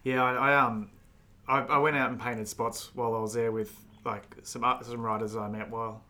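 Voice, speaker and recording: An Australian man chatting casually and telling stories with a bright tone. He rambles, restarting his sentences and filling his pauses with "um" and "like.". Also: medium pitch, level tone. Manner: rambling storyteller, many fillers and restarts. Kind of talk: casual conversation.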